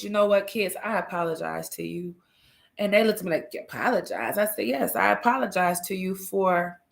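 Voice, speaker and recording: A woman's voice: fairly low pitch, a bit bright. A middle-aged woman hosting a livestream, telling a personal story in an earnest, emphatic and frank way. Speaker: livestream host.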